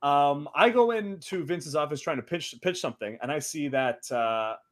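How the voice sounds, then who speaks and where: A man's voice: a little high, normal speed. A man in his thirties co-hosting a podcast, telling stories in casual chat and laughing through them. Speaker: podcast co-host.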